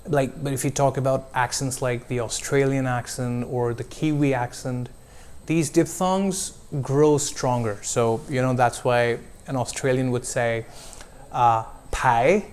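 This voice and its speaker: A male pronunciation coach speaks at a slow, unhurried pace. He draws out each vowel sound as he models words for a student. His pitch sits in a plain middle range. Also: steady tone, darkish tone, clean tone. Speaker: accent coach. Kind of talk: one-on-one pronunciation lesson.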